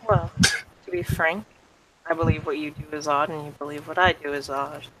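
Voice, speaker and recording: A player voicing a formal, aloof woman mystic in a gravelly monotone and a detached, matter-of-fact manner. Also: mid-range voice, fairly quick, close to an everyday voice, rough recording.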